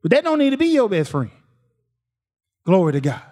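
High-voiced preacher, folksy delivery. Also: male voice, huge pitch swings, brisk. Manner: folksy, repeats phrases, rises to near shouts. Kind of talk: sermon.

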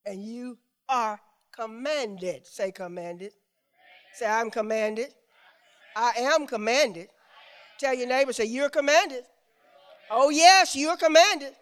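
A woman preaching a sermon in call-and-response, having the congregation repeat phrases, swinging from loud drawn-out exclamations to quick quiet asides. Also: a little high, smooth.

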